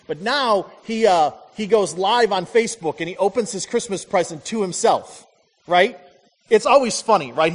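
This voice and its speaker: A man preaching from the pulpit, middle-aged and high-voiced. He tells stories and drives home short repeated lines, and his words ring out with a long reverb through the church hall. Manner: animated storytelling with punchy repeated lines. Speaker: pastor. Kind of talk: sermon.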